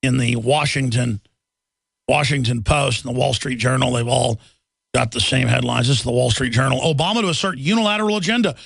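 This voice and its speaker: A man's voice: medium pitch, fairly quick, gravelly, a bit bright, no echo, clean studio sound. A man hosting a political talk radio show, delivering an emphatic, indignant and sarcastic monologue.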